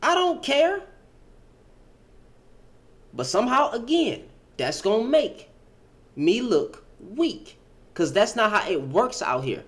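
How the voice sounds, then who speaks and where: A man's voice: high-pitched, sing-song, takes it slowly, pauses often, fairly bright tone. A middle-aged man hosting a reaction video, firing off pleading rhetorical questions to his audience. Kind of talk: emphatic reaction commentary.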